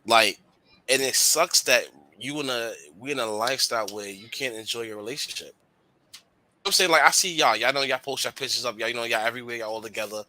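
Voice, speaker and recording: A man's voice: medium pitch, brisk. A man co-hosting a radio talk show, talking candidly in slangy casual chat. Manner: candid, slangy, animated storytelling.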